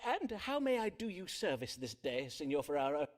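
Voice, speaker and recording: Period physician-astrologer, archaic courtly speech, lively pitch, game character. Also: male voice, moderate pace. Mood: courteous. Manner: archaic polite speech, forsooth and pray. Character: courteous old-time London doctor and astrologer. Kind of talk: video game voice acting.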